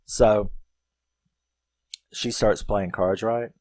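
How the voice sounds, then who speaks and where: A man's voice: lowish voice, steady tone, very slow, darkish tone. A man giving a casual spoken film recap, rambling and profane, full of filler words. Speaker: film reviewer.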